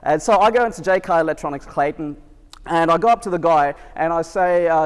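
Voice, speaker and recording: Male keynote speaker, higher-pitched voice, chatty storyteller, long hall reverb from a live venue. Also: fairly quick, clear, resonant tone. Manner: chatty storytelling, quizzes the crowd. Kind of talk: live keynote talk to an audience.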